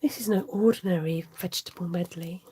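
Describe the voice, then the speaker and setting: A woman voicing a hushed, indulgent female supermarket-ad narrator, with a slow, breathy, half-whispered luxury-ad delivery. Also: on the low side, slight background noise, pitched below the performer's own voice, close to an everyday voice. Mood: sultry.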